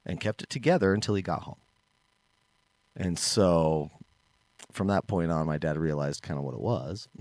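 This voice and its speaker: Deep-voiced man telling a story. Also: normal speed, long pauses, no room sound. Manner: animated storyteller, acts out quoted voices. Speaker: podcast co-host, martial arts instructor. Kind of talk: casual storytelling chat.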